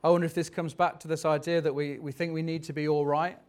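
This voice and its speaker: A man's voice: a little high, flat delivery, fast, darkish tone. A man preaching a sermon in a reflective, conversational way, turning dramatic when he reads scripture.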